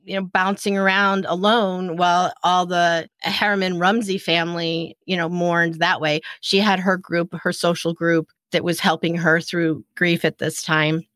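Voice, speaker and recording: A woman's voice: lowish voice, flat delivery, unhurried, few pauses, a bit bright, no room sound. A woman co-hosting a casual history podcast, chatty and informal. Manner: chatty, uses "you know" often. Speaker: podcast co-host.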